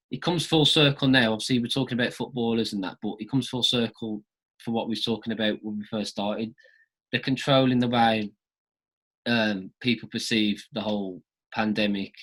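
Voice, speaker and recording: A man's voice: medium pitch, a bit bright. A man from Dudley with a Black Country accent, hosting a casual podcast chat and often repeating words as he gets going. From Dudley, England. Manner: chatty, repeats words as he starts sentences. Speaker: podcast host. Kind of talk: casual conversational interview.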